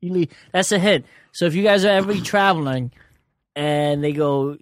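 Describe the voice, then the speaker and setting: Young man, dry sarcastic storyteller, swears freely, slightly high voice, dry close sound. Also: moderate pace, no echo. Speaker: comedian guest. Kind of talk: casual storytelling chat.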